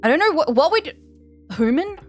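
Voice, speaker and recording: A woman's voice: high voice, sing-song, moderate pace, faint music behind. An Australian woman streamer chatting casually with her live viewers, rambling with plenty of fillers and restarts. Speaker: game streamer.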